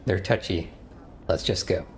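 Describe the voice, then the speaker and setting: A man's voice: low voice, unhurried, a little mellow, slight background noise. A man reading the lines of a cautious, wisecracking male game companion in a plain read-aloud manner. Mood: wary.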